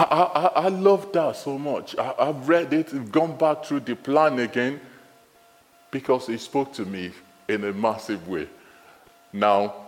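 A man with a Nigerian accent preaching a sermon in a church, lively and animated, often repeating his phrases. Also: long reverb tail. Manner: lively, animated, repeats phrases, rises high when excited.

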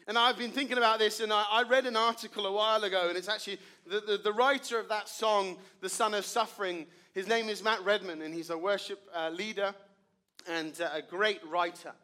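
A man, a pastor preaching a sermon and telling a story, earnest, with dramatic drops to quiet. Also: sits high, steady tone, brisk.

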